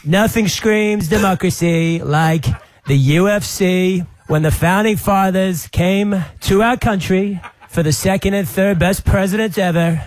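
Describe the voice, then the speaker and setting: A man's voice: high voice, a little slow, dry recording. A man doing an impression of a boastful American president, with an American accent and a rambling, emphatic delivery. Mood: bombastic.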